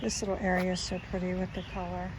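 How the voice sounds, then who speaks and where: A woman's voice: on the low side, monotone, fast, noisy background. A woman with a South Jersey accent giving a casual walking tour of her suburban garden, chatty and enthusiastic as she points things out.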